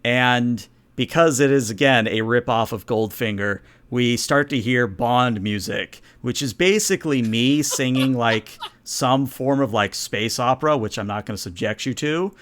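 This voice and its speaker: A man's voice: mid-range voice, a little slow, hardly any pauses, a bit bright. A man running a tabletop game as game master, narrating in a casual, rambling way. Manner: casual, rambling, many fillers.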